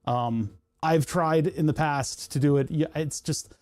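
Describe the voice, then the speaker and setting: Mellow-voiced rambling streamer from Pennsylvania. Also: medium pitch, measured pace. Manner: rambling, tangent-prone, self-interrupting. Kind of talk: casual live-stream chat while working on a computer.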